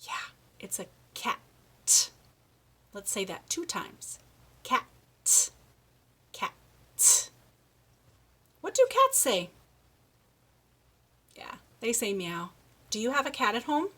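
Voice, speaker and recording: A woman giving a children's speech lesson, reading a picture book aloud and slowly modeling words for a young child to repeat. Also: on the high side, sing-song, fairly bright tone. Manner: slow, encouraging, exaggerates word sounds for a child. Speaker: speech therapist.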